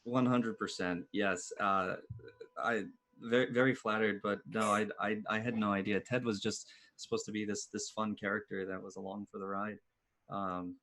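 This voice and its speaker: Lowish-voiced man, stammering and laughing. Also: flat delivery, moderate pace, fairly bright tone. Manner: laughing, stammering, repeats words. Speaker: player and panelist. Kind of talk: casual panel chat on a live stream.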